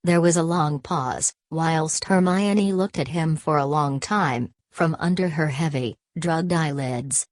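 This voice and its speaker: A woman narrates a novel in a steady, measured way. Her voice is low, and the recording is close and completely dry. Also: no room sound. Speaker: audiobook narrator. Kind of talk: scripted narration.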